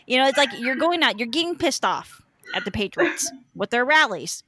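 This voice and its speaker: A woman's voice: high voice, expressive, moderate pace, pushed and bright, no room sound. A woman hosting a podcast, chatting casually about politics in a rambling, profane way with many fillers. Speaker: podcast host.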